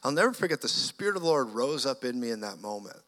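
A man preaching an energetic sermon as a guest preacher, moving between loud exclamations and hushed storytelling. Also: medium pitch, fast. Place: church sanctuary. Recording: long church hall reverb.

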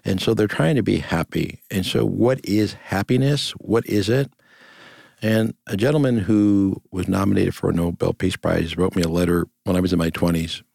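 A man's voice: low voice, moderate pace, gravelly, a little mellow, no echo. An older man, a grandfather, telling stories earnestly as an interview guest in a reflective conversation. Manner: storytelling, earnest, repeats phrases in lists.

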